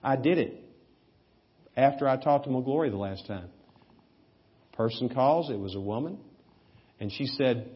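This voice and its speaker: A man preaching a sermon, telling anecdotes with humor and sudden bursts of loud emphasis. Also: medium pitch, animated, a little slow, long pauses, husky, dull audio. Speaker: pastor. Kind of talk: sermon with storytelling.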